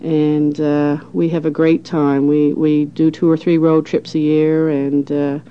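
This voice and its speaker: A middle-aged woman from St. John's, Newfoundland, with a townie accent, talking in a relaxed, easygoing way in a recorded interview with frequent pauses. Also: sits low, clean tone. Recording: dull lo-fi recording.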